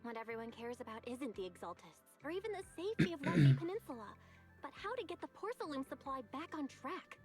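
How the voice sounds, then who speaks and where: An actress voicing a young game heroine who speaks in a thoughtful, measured way. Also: female voice, high voice, big pitch swings, darkish tone, soft background music. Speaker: game character. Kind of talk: video game voice acting.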